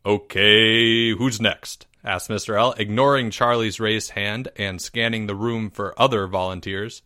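Brief: male narrator, storybook reading, bright clear tone, unhurried, dry booth. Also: fairly low pitch, no echo. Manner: measured, expressive reading.

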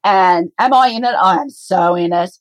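A woman's voice: lowish voice, moderate pace, no echo. A middle-aged woman, a business co-founder, chatting in an interview and acting out quoted dialogue as she tells stories. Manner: animated storyteller, acts out quoted dialogue. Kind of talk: conversational podcast interview.

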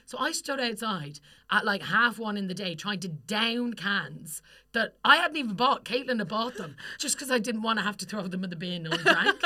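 Sweary, chatty Irish woman, bright voice. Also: mid-range voice, expressive. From Ireland. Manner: chatty, sweary storytelling, quick laughs. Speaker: podcast co-host. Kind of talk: casual chat.

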